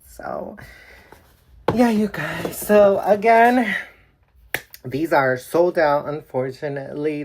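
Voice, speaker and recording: A young woman in a casual vlog, excitedly gushing over dolls and swearing freely. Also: a bass voice, a little hiss or hum. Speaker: doll collector vlogger. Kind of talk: casual unboxing chat.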